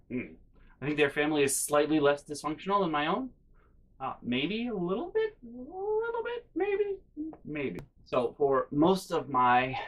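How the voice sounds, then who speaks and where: A man telling comic stories on his video channel, rambling deadpan with many fillers. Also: medium pitch, rough recording. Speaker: YouTuber. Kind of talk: comedic storytime vlog.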